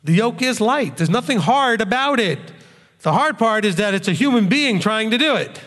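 A man's voice: high-pitched, animated, normal speed, fairly bright tone. A man preaching a sermon to his congregation as their rabbi, talking conversationally and often checking in with "okay?". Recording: long reverb of a hall.

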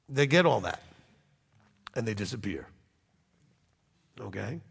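Pastor, conversational animated sermon, lively gravelly delivery, reverberant church hall. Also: male voice, medium pitch, normal speed, pauses often. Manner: conversational, animated teaching with frequent "okay?" check-ins.

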